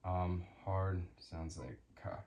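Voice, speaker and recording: A man giving an unscripted language lesson, pausing often with ums and restarting his sentences. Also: sits low, fairly even intonation, darkish tone, echoey room. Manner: hesitant, with many ums and restarts. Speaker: language teacher.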